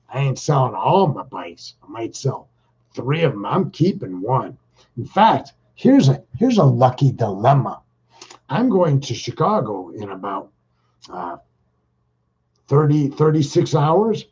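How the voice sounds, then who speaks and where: A man's voice: mid-range voice, a little mellow, breathy edge. A man talking in a casual, rambling monologue, folksy and slangy, speaking straight to his listeners. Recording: muffled lo-fi recording.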